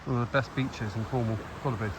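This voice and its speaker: A man vlogging casually outdoors at the beach, chatting in a relaxed way and swearing freely as he talks to a handheld phone. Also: medium pitch, very fast, very noisy. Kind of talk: casual vlog narration.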